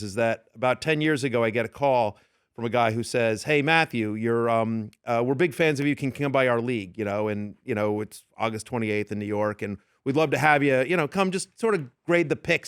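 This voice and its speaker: A man's voice: medium pitch, clear, resonant tone, no echo, studio quality. A man working as a fantasy football analyst, chatting in an interview and acting out the people in his stories. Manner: animated storyteller, acts out quoted yelling. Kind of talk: casual interview storytelling. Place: radio studio.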